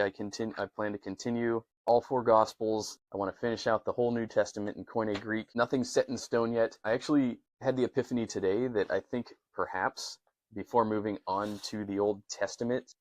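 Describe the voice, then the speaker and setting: A man with a fairly low voice teaches a casual language lesson, sounding earnest and thinking aloud as he goes. The recording is dry and close, with no room sound. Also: no echo, lo-fi sound. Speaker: host teaching Koine Greek.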